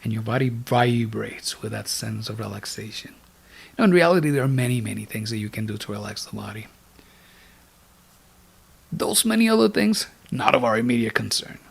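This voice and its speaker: A man giving a spiritual lecture on meditation as an instructor, speaking slowly and deliberately and dropping some words to a whisper. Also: lowish voice, sing-song, gravelly, slightly rough.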